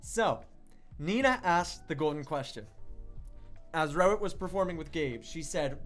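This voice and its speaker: Excitable high-voiced young man hosting. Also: a little slow, pauses often, soft background music. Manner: excitable, chatty, reads out viewer chat. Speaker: online radio show host. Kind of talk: livestream hosting chat.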